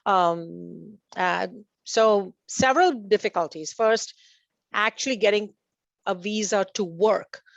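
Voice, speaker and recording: A woman's voice: mid-range voice, no room sound. A woman talking in a conversational panel discussion, full of fillers and restarts, laughing now and then at her own stories. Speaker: panelist at a community meeting.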